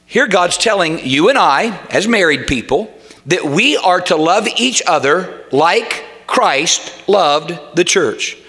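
A man preaching a sermon as pastor, emphatic and rising to shouts. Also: high voice, lively intonation, slow pace.

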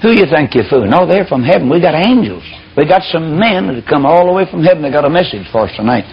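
A man's voice: fairly high pitch, big pitch swings, quick pace, gravelly, muffled recording. A man voicing a skeptical ancient wife who scoffs at her husband in a sermon story. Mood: scoffing.

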